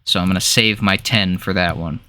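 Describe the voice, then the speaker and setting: A man's voice: sits low, fairly even intonation, brisk, sharp tone. A young man co-hosting a podcast, riffing and swearing in casual chat. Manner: joking, profane, riffing. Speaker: podcast co-host.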